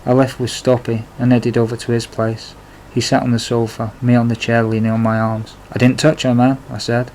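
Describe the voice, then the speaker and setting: A man's voice: mid-range voice, monotone, a little fast, few pauses, darkish tone, slight background noise, poor audio. A man narrating his own life story in a plain, confessional way, with blunt swearing. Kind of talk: memoir storytelling.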